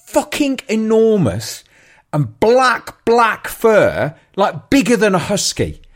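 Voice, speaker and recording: A man, co-hosting a show and telling a story in lively casual chat, often laughing and swearing. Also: sits high, slow pace. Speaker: radio co-host.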